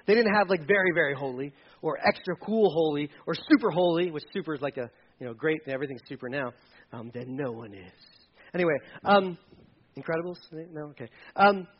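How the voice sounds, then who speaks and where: High-voiced pastor preaching animatedly. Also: male voice, highs cut off. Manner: animated, repeats for emphasis, jokes with the congregation. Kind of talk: sermon.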